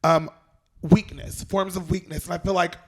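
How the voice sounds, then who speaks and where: A man's voice: sits high, fairly even intonation, a bit bright. A man around thirty, a guest on a casual podcast, talking candidly and emotionally about mentoring and vulnerability. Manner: candid, emotional, quick asides.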